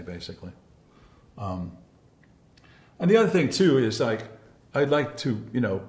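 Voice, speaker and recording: A man's voice: on the low side, a little mellow, reverberant. A man who once led encounter groups, recalling the past in a rambling, heartfelt and apologetic way, restarting his sentences often. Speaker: former encounter group leader. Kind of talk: reflective personal recollection.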